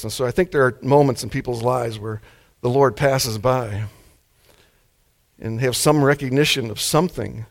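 A mild-mannered man delivering a sermon at an easy, laid-back pace. His pitch sits in an ordinary middle range for a man, neither deep nor high. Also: a little fast. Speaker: preacher.

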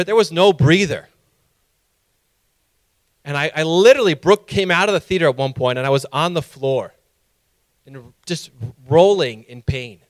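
A man preaching a sermon who reads scripture and tells a personal story, acting out his own past lines loudly. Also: fairly high pitch, no room sound.

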